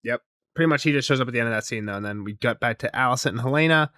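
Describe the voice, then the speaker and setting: A man's voice: mid-range voice, rapid-fire, no room sound, studio quality. A young man co-hosting a podcast, casually recapping a TV episode, acting out character lines and laughing often. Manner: animated retelling, quoting characters, laughing often. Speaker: podcast co-host.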